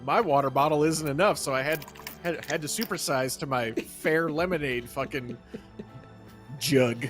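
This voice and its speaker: A man's voice: on the high side, normal speed, a bit bright, faint music behind. A young adult man rambling through a story in casual chat, with lots of fillers and laughs. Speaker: podcast co-host.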